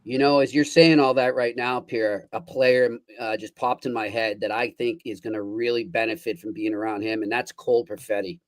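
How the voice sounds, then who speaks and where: A man's voice: medium pitch, fairly even intonation, normal speed, hardly any pauses, dry recording. A man co-hosting a hockey podcast, chatting casually and feeding questions to his partner. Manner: conversational, feeds questions, frequent short agreements. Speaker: podcast co-host.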